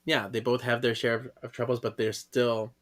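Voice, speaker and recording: A man's voice: medium pitch, little pitch movement. Chatty man co-hosting a podcast. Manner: chatty, laughs often, reads lines in quick impressions. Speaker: podcast co-host. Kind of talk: casual chat reading a comic aloud.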